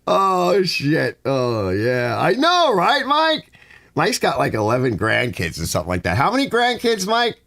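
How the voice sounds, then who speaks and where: Chatty man with a lively voice. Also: fairly high pitch, a little slow, creaky, dry recording, studio quality. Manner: chatty, reads viewer comments aloud. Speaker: livestream host reading chat. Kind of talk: casual livestream chat. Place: home garage.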